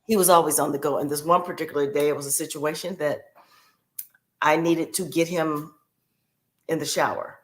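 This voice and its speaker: A woman's voice: low voice, steady tone, moderate pace, pauses often. A woman guest on a podcast, telling a personal caregiving story in a heartfelt way and repeating key phrases for emphasis.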